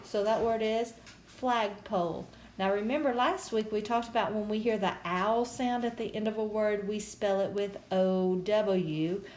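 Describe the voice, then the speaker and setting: A woman's voice: mid-range voice, a little slow, a little mellow, echoey room, slight background noise. A woman teacher, patiently sounding out words in a phonics lesson for young kids.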